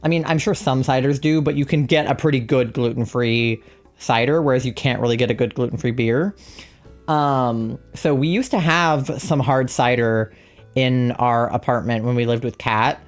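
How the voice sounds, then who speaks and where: A woman's voice: rumbling low, fairly even intonation, moderate pace. A woman streaming a game live, chatting casually and rambling as she reads out chat messages. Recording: faint music behind.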